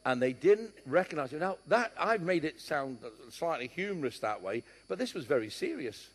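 A middle-aged man with a West London accent preaches a sermon in a high, lively voice that swings widely in pitch. He drives his points home emphatically and drops in joking asides. His voice carries a long reverb from a large hall. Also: moderate pace, slightly rough. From born in Scotland, raised partly in London.

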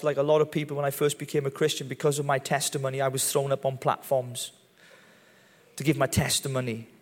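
Welsh man preaching in a reverberant hall. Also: fairly high pitch. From Wales. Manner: chatty, self-deprecating storytelling with humour. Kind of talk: sermon testimony. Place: large church hall.

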